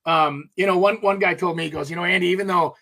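Lively high-voiced realtor man. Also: fast, creaky. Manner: animated, jokey, laughs while telling stories. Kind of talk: casual storytelling chat.

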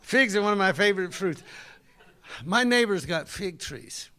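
Folksy preacher man, high voice. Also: expressive, normal speed, bright, forceful tone. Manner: folksy, conversational, talks with the congregation. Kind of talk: sermon.

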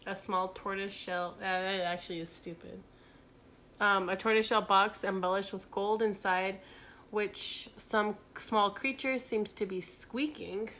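A woman's voice: medium pitch, steady tone, a little slow, a bit bright, slight background noise. A young woman co-hosting a casual podcast, reading quiz questions aloud with playful, giggly asides. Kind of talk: casual chat.

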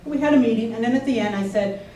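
A woman's voice: fairly high pitch, fast talker, dark tone. A woman telling a personal story to an audience in a conversational way, often checking in with her listeners. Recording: echoey room from far off, faint noise.

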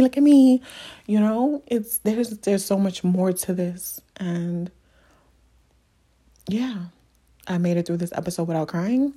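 A woman's voice: lowish voice, dark tone, breathy edge. A young adult woman hosting a solo podcast, talking in an earnest, emotional and encouraging way, often repeating her points. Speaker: podcast host. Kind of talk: heartfelt solo podcast monologue.

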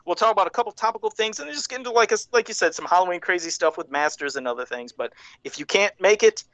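A man hosting a live-streamed show, chatting casually, profane and rambling, reading names out loud. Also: high voice, expressive, quick pace, dry recording, poor audio. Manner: profane, rambling, laughs often. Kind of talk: casual livestream chat.

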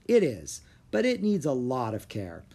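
A man's voice: medium pitch, wildly swooping pitch, unhurried, mellow, heavily acted. A man reading aloud and voicing a polite young dragon master boy who explains things patiently. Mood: explaining.

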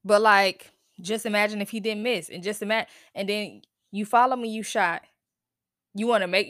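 On her casual solo podcast, the host rants bluntly and swears a lot, peppering it with disbelieving questions. She keeps a steady tone at normal speed, her voice of middling pitch and fairly bright. The close mic sounds dry, with no room around it.

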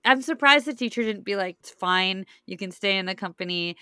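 A woman's voice: medium pitch, fairly quick, bright, forceful tone, clear, resonant tone, no room sound, studio quality. A woman co-hosting a podcast in casual chat, leading the episode recap and laughing often. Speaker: podcast co-host.

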